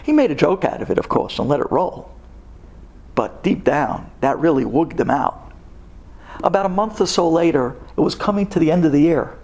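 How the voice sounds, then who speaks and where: Male storyteller, high and gravelly, dramatic and animated, mixes in Hebrew words. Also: a little fast.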